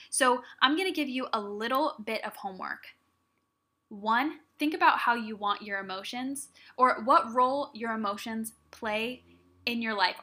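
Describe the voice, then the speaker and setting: Bright-voiced young woman podcast host. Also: fairly high pitch. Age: young adult. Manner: earnest, encouraging, direct address to listeners. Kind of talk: solo motivational talk.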